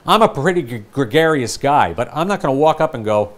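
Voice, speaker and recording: An older man giving a sales training talk, lively and conversational, acting out customer and ad lines as he goes. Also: mid-range voice, a little fast. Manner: animated, acts out customer and ad lines.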